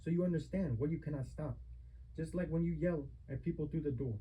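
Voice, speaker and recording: Man, adult son, heated family argument, lecturing, repetitive rhetorical questions, fairly high voice, raspy, phone recording. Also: brisk, warm tone, highs cut off. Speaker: adult son confronting his mother.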